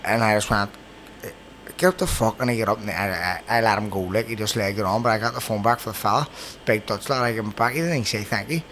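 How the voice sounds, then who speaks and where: Man, Belfast accent, podcast host, rapid talker, swears a lot, faint ambience. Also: on the low side, a little hiss or hum. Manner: swears constantly, animated anecdotes. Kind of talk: casual storytelling chat.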